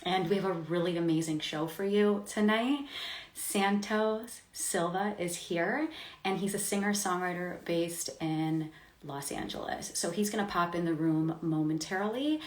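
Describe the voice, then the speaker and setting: A woman's voice: lowish voice, unhurried, reverberant. A woman hosting a live-streamed interview show, upbeat and chatty, laughing often. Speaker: host.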